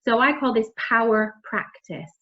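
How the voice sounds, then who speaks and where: Expressive woman demonstrating classroom vocabulary teaching. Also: fairly high pitch, a little slow, lo-fi sound. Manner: clear, expressive teacher voice modelling words for children. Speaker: literacy trainer.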